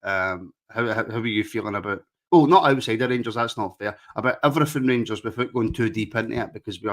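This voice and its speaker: This Scottish man speaks fast in a lowish voice with a Glaswegian accent. On his relaxed football podcast he ribs his co-host, frequently saying things twice.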